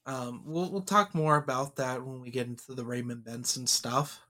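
A man co-hosting a podcast, giving opinionated, animated views in a casual film discussion. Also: medium pitch, normal speed. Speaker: podcast co-host.

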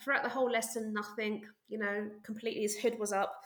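A woman teacher telling stories in an interview, lively and quick to act out what she said back then. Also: medium pitch, roomy sound. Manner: lively, acts out her own past remarks with bursts of excitement. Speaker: art teacher and interview guest. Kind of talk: animated storytelling in an interview.

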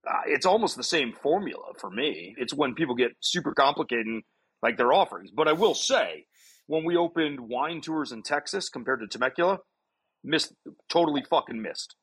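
A man with a husky, slightly raspy voice on a podcast, speaking plainly and candidly about his tour business. His tone is matter-of-fact and conversational. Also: mid-range voice, animated, normal speed, fairly bright tone. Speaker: tour operator, podcast co-host. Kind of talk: casual podcast talk.

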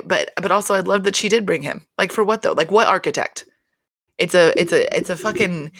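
A woman talks through a reality show in a loose, rambling solo recap, swearing freely and breaking into laughter. Her voice sits a little low for a woman. The sound is close and dry, with almost no room around it. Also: a bit bright, dry recording. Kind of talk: casual solo recap chat.

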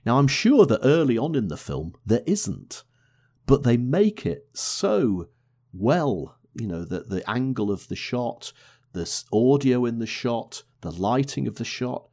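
A man's voice: medium pitch, big pitch swings, unhurried, dark tone. A man co-hosting a podcast, chatting enthusiastically about a film with frequent restarts. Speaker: podcast co-host. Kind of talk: casual film review chat.

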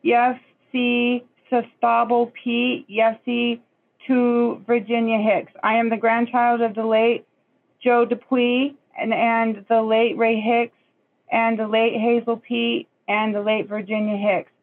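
Slow, ceremonious woman on a tinny line. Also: a little high, little pitch movement. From Pacific Northwest. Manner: measured and ceremonial. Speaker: guest, language student. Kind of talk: formal self-introduction.

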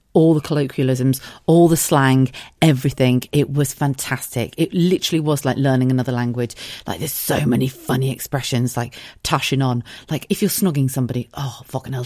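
A woman's voice: a bass voice, warm tone, no room sound, studio quality. A woman with a southern English accent, hosting a podcast and telling stories in a chatty, sweary way, often laughing at her own tales. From southern England. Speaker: podcast host, former radio presenter. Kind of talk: casual storytelling monologue.

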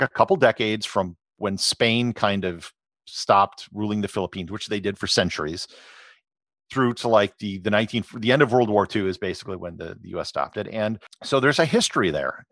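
A middle-aged man, a podcast host, answering interview questions in a relaxed, explanatory way with frequent fillers. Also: lowish voice, no echo, studio quality. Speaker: podcast host and travel photographer.

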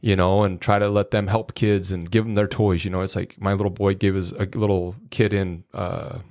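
A man's voice: low voice, level tone, moderate pace, a little mellow. A middle-aged man, a podcast guest, telling rambling, folksy anecdotes full of quoted dialogue in a casual way. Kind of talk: casual storytelling.

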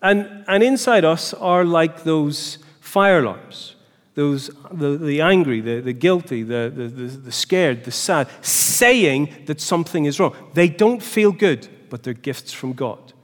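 A man giving a lively church seminar talk, often putting questions to the audience and restarting his phrases. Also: a little high, takes it slowly. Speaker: seminar speaker. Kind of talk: teaching talk. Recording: long hall reverb.

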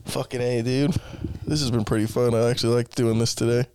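A man's voice: mid-range voice, flat delivery, fairly quick, a little mellow, clean tone. A man co-hosting a podcast in casual chat, swearing constantly and joking crudely. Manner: crude, profanity-heavy joking banter. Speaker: podcast co-host.

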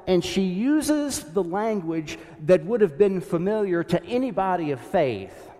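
A man preaching a sermon from a pulpit in a church, reflective, sinking soft and low when he voices prayers. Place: church sanctuary behind a pulpit. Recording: long church reverb.

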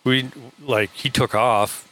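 A man's voice: mid-range voice, steady tone, slow, sharp tone. A man co-hosting a podcast and retelling a story in casual talk, full of quoted dialogue. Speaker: podcast co-host, truck driver.

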